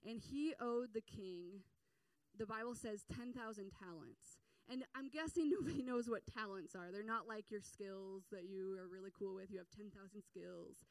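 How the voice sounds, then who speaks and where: A woman's voice: mid-range voice, dry recording, distant mic. A woman giving a sermon, paraphrasing a parable in a casual storytelling way with many fillers.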